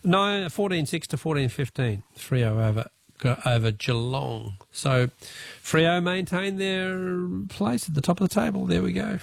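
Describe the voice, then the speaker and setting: A jovial Australian man hosts a talkback radio quiz, chatting easily with callers. His voice sits a little high with a gravelly edge, close and dry in a studio. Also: animated, no room sound. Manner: jovial, chatty, quick laughs.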